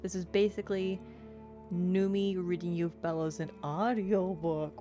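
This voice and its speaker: A chatty young woman streams a game, talking in a lower register and rambling cheerfully at the chat. Soft guitar music plays faintly behind her. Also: fairly even intonation, a little slow. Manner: chatty, playful, self-described yapper. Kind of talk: casual let's-play chat.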